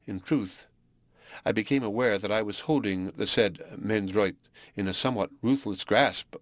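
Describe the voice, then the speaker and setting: Low, dry-voiced male audiobook narrator. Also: dry recording. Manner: measured, even, literary delivery. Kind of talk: scripted narration.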